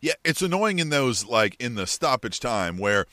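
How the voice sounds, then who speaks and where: A man's voice: mid-range voice, moderate pace, no echo. A man, co-hosting a podcast in casual chat, telling stories with lots of swearing. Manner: animated storyteller, swears freely. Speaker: podcast co-host.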